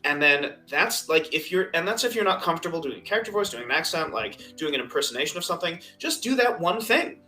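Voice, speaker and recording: Bright-voiced host, "you know" every line. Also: mid-range voice, animated, quick pace, hardly any pauses, soft background music. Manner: loose, repeats "you know" constantly, swears casually. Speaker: podcast host, dungeon master. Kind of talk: casual chat.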